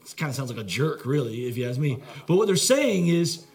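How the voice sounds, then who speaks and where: A man's voice: mid-range voice, big pitch swings, fairly quick, gravelly, darkish tone. A male pastor preaching a sermon in a conversational, earnest way, full of fillers and restarts. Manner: earnest, heartfelt delivery.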